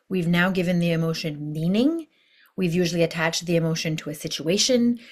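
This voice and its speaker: A woman teaching a recorded online course as a life coach, speaking conversationally with rhetorical questions and acting out inner voices. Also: fairly low pitch. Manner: animated, acts out inner voices in quotes.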